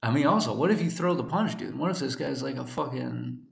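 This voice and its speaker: A man's voice: medium pitch, lively intonation, fairly quick, gravelly, reverberant. A man in his twenties telling a story in a casual, profane rant, full of fillers. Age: 20s. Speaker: podcast host.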